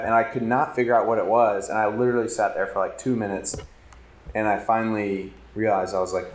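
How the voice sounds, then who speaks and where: A man's voice: on the low side, level tone, brisk. A man in his thirties giving a candid, self-deprecating talk to a campus ministry conference. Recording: echoey hall.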